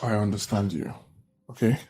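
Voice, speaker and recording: An actor with a Nigerian accent playing a weary husband who pleads with his wife to calm down and defends himself. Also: on the low side, moderate pace, gravelly, breathy edge, soft background music, full character voice. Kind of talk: Nigerian film drama acting.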